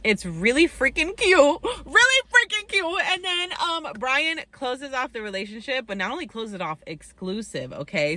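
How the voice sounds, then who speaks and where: A woman's voice: medium pitch, pushed and bright, no room sound. A young woman recapping a reality dating show in a casual chat, full of "like" and "um" fillers, telling the story with plenty of opinion.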